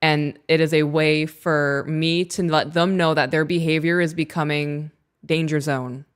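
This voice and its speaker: A woman co-hosting a podcast, chatting casually and telling family stories in an animated way. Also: low voice, a little slow, clear, resonant tone. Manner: chatty storyteller, animated retelling. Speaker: podcast co-host. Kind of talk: casual chat.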